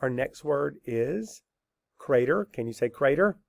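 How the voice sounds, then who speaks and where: A male teacher talks at a slow, measured pace through a spelling lesson. He spells each word out letter by letter and answers his own questions patiently. His voice has a gravelly edge, recorded dry and close with no room sound. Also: medium pitch, animated, a little mellow, no echo. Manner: slow, deliberate letter-by-letter dictation.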